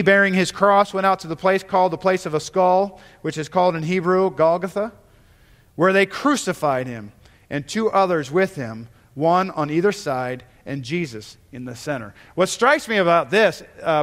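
Guy preaching in church, pretty high voice, long echo trailing off, earnest and emphatic. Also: fairly bright tone. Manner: earnest preaching with pauses and restarts, rising to emphatic calls. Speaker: pastor. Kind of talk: sermon. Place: church sanctuary.

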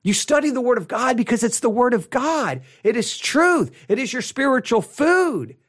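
A man who is a pastor, teaching a Bible study in an animated way, often repeating and restarting his words. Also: normal speed. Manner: animated, acts out quoted people with rising pitch.

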